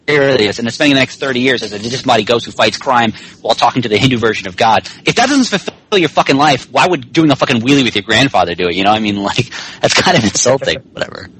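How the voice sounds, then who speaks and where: A man's voice: mid-range voice, animated, fast, hardly any pauses, fairly bright tone, a little hiss or hum, rough recording. A man co-hosting a casual comic book chat, ranting and mocking with lots of swearing. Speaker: podcast co-host.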